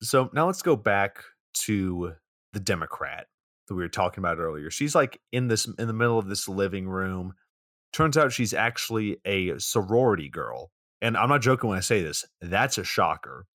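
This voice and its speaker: A man's voice: fairly low pitch, animated, normal speed, a bit bright, no echo. A man co-hosting a podcast, recapping a movie's plot in a dry, profane, casual way. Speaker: podcast co-host.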